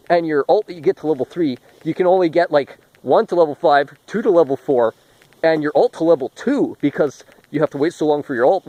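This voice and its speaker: A man's voice: fairly high pitch, a little mellow, no room sound, low-quality recording. A man ranting with profanity and contempt, a little out of breath. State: a bit out of breath. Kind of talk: ranting monologue to camera.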